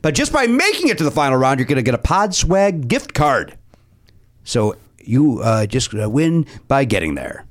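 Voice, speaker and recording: A man hosting a comedy podcast game show, throwing in quick, self-mocking quips as he runs the rounds. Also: mid-range voice, big pitch swings.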